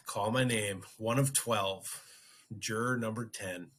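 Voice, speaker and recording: A man's voice: on the low side, fairly bright tone. A man hosting a podcast, casually telling a story and acting out his own reactions. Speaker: podcast host.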